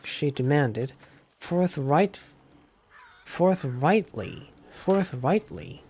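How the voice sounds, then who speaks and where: A man, a Japanese native speaker, streaming a game and slowly reading English lines aloud, repeating words and looking them up. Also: medium pitch, animated, darkish tone, slight background noise.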